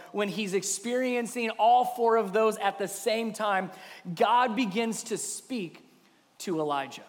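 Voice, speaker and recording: High-voiced pastor in a reverberant hall. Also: male voice. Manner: swings from loud emphatic peaks to hushed near-whispers. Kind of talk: sermon.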